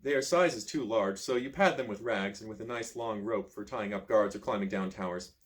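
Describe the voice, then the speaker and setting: A man reading a choose-your-own-adventure book aloud, with lively storytelling and casual asides. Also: lowish voice, normal speed. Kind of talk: expressive read-aloud narration.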